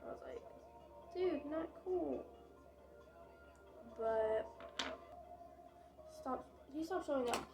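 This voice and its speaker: A woman's voice: high voice, expressive, slow, long pauses, over music, poor audio. A young woman vlogger telling a casual storytime, chatty and dramatic, with lots of fillers and swearing.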